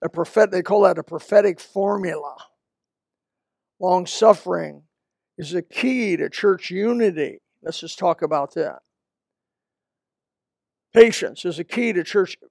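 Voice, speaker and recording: An older man, a Baptist pastor, preaching a sermon in a folksy, conversational way with quick asides. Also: sits high, gravelly, darkish tone, no echo, clean studio sound. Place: church.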